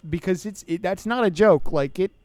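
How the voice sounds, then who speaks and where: A man's voice: high-pitched, normal speed, a little mellow. A man in his twenties hosting a podcast, rambling casually and sarcastically while playing a video game. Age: 20s. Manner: rambling, sarcastic and self-deprecating. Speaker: podcast host.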